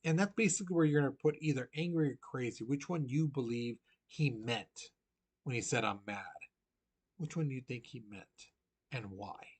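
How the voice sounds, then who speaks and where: A man's voice: mid-range voice, fairly quick, a little mellow, slightly rough. A man teaching a recorded history lesson in a casual, chatty way, full of "you know" and direct questions to his students.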